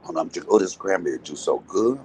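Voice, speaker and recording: A man's voice: deep voice, animated, quick pace, a little mellow, a little hiss or hum, poor audio. A man, ranting to his viewers in a profane, confrontational and mocking way. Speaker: live-streaming commentator. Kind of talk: casual rant to viewers.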